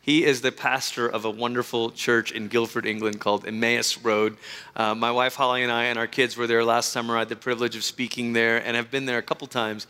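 A man with a bright, forward voice gives a church introduction, earnest and full of praise with stops and restarts. His voice rings out through a long hall reverb. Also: medium pitch, level tone, brisk, smooth. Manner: warm enthusiastic praise, frequent fillers and restarts. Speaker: pastor introducing a guest. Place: church service.

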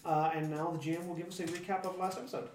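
A man hosting a tabletop game podcast, upbeat and quick, restarting his sentences now and then. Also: a little high, level tone, darkish tone. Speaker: podcast host and player. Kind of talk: casual tabletop podcast intro. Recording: echoey room, distant mic, faint hiss.

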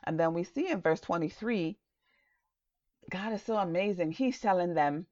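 A woman with a low, dark-toned voice preaches an earnest, encouraging sermon. She talks conversationally, full of "um" and "you know". The recording sounds somewhat dull and lo-fi. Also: animated, normal speed, no room sound. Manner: encouraging, earnest, loose with fillers.

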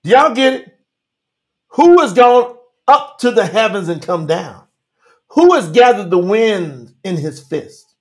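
A man preaching on a live stream, animated, calling out to viewers by name and reading scripture slowly for emphasis. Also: high-pitched. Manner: Southern-style 'y'all' address, drawn-out emphatic reading. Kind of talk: livestream sermon reading scripture.

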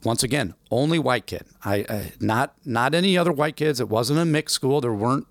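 A man in his forties from the American Midwest, telling stories in an interview, animated and acting out voices in the quotes. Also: mid-range voice, brisk, no echo. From Illinois, USA. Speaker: guest. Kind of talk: storytelling interview.

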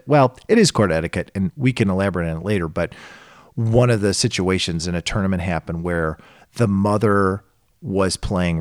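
A middle-aged man in a casual podcast chat who tells stories in an animated way and acts out the voices of the people in them. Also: sits low, no echo, studio quality. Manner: animated storyteller acting out quoted voices. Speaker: podcast co-host.

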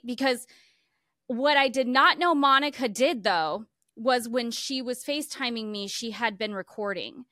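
A woman co-hosting a podcast in casual chat, telling stories in an animated way and laughing often. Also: fairly high pitch, normal speed, no room sound, studio quality. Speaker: podcast co-host.

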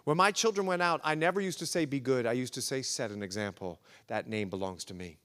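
A man's voice: mid-range voice, fast, few pauses, fairly bright tone. A man preaching a sermon as pastor, emphatic and repetitive, swelling and dropping in intensity. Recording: echoey hall recording.

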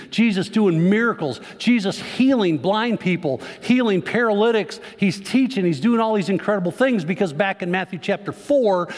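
A man preaching a sermon to his congregation, speaking conversationally and tossing questions to the crowd. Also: high voice. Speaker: pastor. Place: church sanctuary. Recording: long church reverb.

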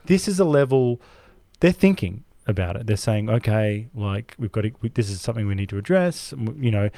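A man's voice: lowish voice, lively intonation, a little fast, dark tone, no echo, studio quality. A man co-hosting a casual film podcast, talking enthusiastically and rambling with frequent asides and swearing. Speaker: podcast co-host.

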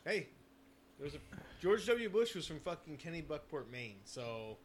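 Rambling, profane man, slightly high voice. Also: sing-song, moderate pace, slight background noise. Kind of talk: casual chat.

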